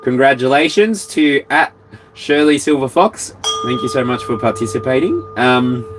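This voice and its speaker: An Australian man hosts a relaxed tarot livestream from his caravan, wandering off on playful tangents and breaking into bits of song. His mid-range voice is expressive and moves at a normal speed, with noise in the background.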